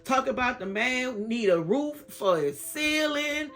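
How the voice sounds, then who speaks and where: A woman's voice: high-pitched, expressive, unhurried, a bit bright, soft background music. A woman in her fifties with a Southern US accent, talking straight to camera about faith and repeating her phrases for emphasis. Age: 50s. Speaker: vlogger. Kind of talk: casual faith talk to camera.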